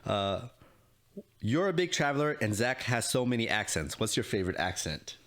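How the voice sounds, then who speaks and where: A young man with a fairly low voice that still swings widely in pitch, chatting casually as a podcast co-host. He is easygoing, laughs often, and reads out listener questions in a loose, friendly way. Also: sing-song, normal speed, fairly bright tone. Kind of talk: casual chat.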